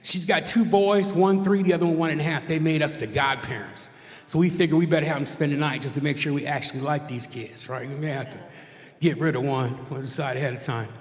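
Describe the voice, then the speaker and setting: A man's voice: on the high side, steady tone, quick pace. Self-mocking man doing stand-up in an echoey hall. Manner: conversational, self-mocking, tag questions to the crowd. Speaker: stand-up comedian. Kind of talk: stand-up comedy set. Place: church stage with a live audience. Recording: echoey hall, long reverb.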